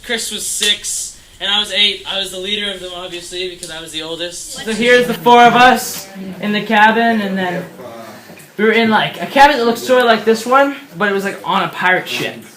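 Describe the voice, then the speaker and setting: In an echoey camp cabin with background noise, a late-teen young man tells a rambling, jokey tall tale full of fillers as a comic storytime. His voice is high and sharp-toned, and he talks a little fast.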